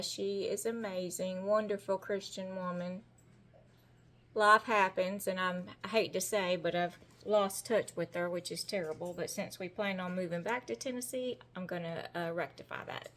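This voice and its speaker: A middle-aged woman with a Southern American drawl talks her viewers through a baking recipe. She is chatty and homey, with a folksy warmth in how she phrases things. She is recorded in a home kitchen. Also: mid-range voice, steady tone, unhurried. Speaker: home-cooking vlogger. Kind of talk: casual cooking demonstration.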